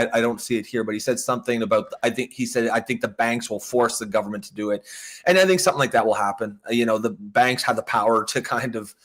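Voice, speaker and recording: A man's voice: mid-range voice, fairly bright tone. A man co-hosting a political talk show, talking bluntly and profanely with many stammered restarts. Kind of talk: casual political commentary.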